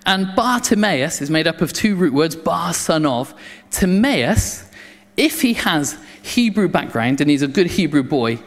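Male preacher, slightly high voice, animated sermon with stumbling restarts and acted crowd voices, long hall reverb.

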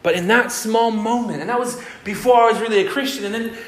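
Male pastor, fairly high voice, animated storyteller, preaching in an echoey church hall with faint ambience. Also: fast talker, a little hiss or hum. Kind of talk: sermon. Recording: roomy church hall sound.

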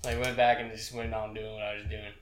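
A man's voice: lowish voice, flat delivery, fast talker, echoey room. A young man, a military veteran, telling profane boot camp stories in casual chat with friends, laughing as he goes.

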